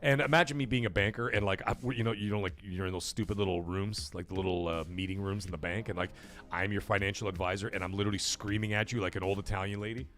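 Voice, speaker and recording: A fast-talking man rants on his gaming livestream, swearing freely. His casual, animated delivery swings widely in pitch and breaks into loud bursts.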